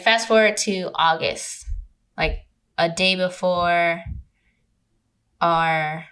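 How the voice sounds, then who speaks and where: Profane, animated woman telling a story. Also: fairly low pitch. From California. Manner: animated, profane, mocking impressions. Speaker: podcast guest. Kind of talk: casual storytelling. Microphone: remote recording.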